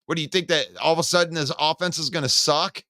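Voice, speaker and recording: Male sports stream host, crisp and dry up close, talks loose and opinionated to his live chat. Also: a little high, quick pace, no echo. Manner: chatty, greets viewers by name and reads comments; opinionated and animated, rants with sarcasm. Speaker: sports talk show host.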